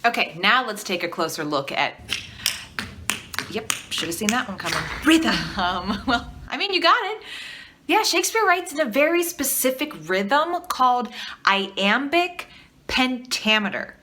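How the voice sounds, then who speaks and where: A woman's voice: on the high side, lively intonation, measured pace, pushed and bright, a little hiss or hum. A woman teaching artist giving an educational video lesson, encouraging and asking the viewer questions, leading them to repeat after her. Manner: encouraging, asks the viewer questions and leads call-and-response.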